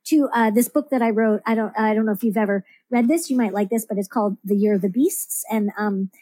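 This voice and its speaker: A woman's voice: medium pitch, brisk, mellow, no room sound. A woman talking as a podcast guest about her writing, rambling with lots of fillers and restarts. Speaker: guest, comics writer. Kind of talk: casual podcast interview.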